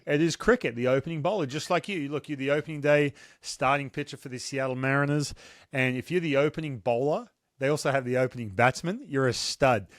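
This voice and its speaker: A middle-aged man from Australia with an Australian accent, hosting a casual sports chat in a joking, animated way. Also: mid-range voice, fairly quick, no room sound, studio quality. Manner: joking, animated, self-deprecating. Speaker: podcast host.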